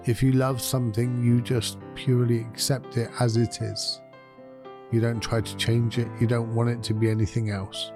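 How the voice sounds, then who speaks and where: A man hosting his own podcast, talking in a gentle, candid way and thinking aloud. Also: medium pitch, level tone, normal speed, over loud music. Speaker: podcast host. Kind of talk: reflective solo podcast talk.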